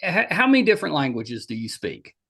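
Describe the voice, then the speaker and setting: A man's voice: fairly high pitch, sing-song, a little fast, vocal fry, a bit bright, breathy edge. A middle-aged man with a West Virginia accent hosting a podcast interview, enthusiastic, with frequent restarts. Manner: enthusiastic, repeats and restarts often. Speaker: podcast host. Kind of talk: casual interview chat.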